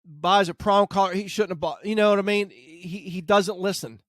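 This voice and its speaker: A dog trainer who hosts a podcast tells a casual, animated story in a high-sitting voice at a moderate pace, with no room sound. He acts out the things people said.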